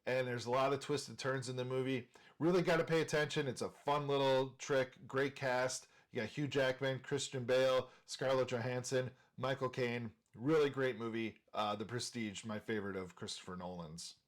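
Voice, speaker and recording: A man's voice: mid-range voice, fairly even intonation, normal speed. A man from Minnesota hosting a movie channel, talking casually and enthusiastically while ranking film directors, with frequent filler words.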